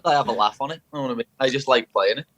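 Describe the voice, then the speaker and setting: A man's voice: mid-range voice, very fast, fairly bright tone. A young man from Liverpool with a strong Scouse accent, chatting bluntly as a podcast guest and calling everyone "lad". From Liverpool, England. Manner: blunt, swears, calls people "lad". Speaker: guest, fighter. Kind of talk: casual chat.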